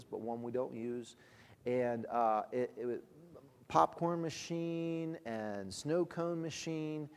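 Gravelly man telling ministry stories. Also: medium pitch, darkish tone, big-room sound. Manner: conversational storytelling, halting restarts, laughs often. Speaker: ministry leader. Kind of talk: ministry testimony talk.

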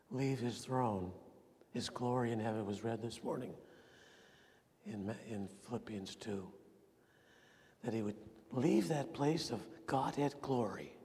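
Male pastor, sermon, slow deliberate delivery, big reverberant hall. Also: medium pitch. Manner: earnest preaching, rising emphasis then dropping to quiet intensity. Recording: long reverb of a large hall.

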